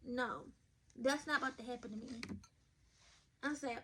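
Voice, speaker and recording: A woman's voice: fairly high pitch, moderate pace, pauses often, a bit bright, husky. A woman hosting a podcast, reading advice stories aloud and giving blunt, profane, chatty takes straight to her listeners, sometimes stumbling over words. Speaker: podcast host.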